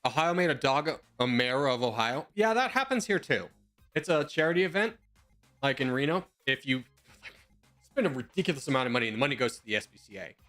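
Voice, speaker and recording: A man's voice: medium pitch, expressive, fast talker, a bit bright, faint music behind. A young man streaming from home, rambling and joking as he answers viewers' questions in casual chat.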